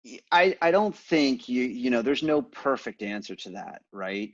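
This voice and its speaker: A man being interviewed, telling stories in a relaxed way and acting out the exchanges he quotes. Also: mid-range voice, a little slow, no room sound, highs cut off. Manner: animated, acts out quoted exchanges. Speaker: multifamily investor guest. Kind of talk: conversational interview storytelling.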